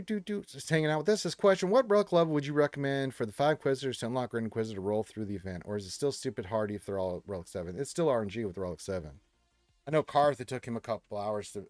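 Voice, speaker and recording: A man's voice: mid-range voice, dry recording, clean studio sound. A man hosting a casual gaming livestream, reading viewer messages aloud with playful asides and the odd pirate voice. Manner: drops into a growly pirate voice. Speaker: livestream host.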